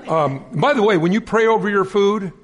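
A man's voice: sits high, moderate pace, some chatter behind. A middle-aged male minister preaching a sermon, telling stories and acting out the quotes in them. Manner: animated storytelling with acted-out quotes.

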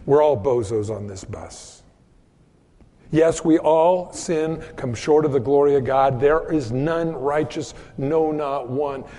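A man with a fairly high voice preaching at an unhurried pace, as a pastor talking to his flock. He mixes scripture with easy storytelling about family life and briefly acts out the voices in his stories. The sound has a long reverb, like a big church sanctuary. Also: dark tone. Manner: conversational preaching with homespun stories and quoted voices. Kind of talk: sermon.

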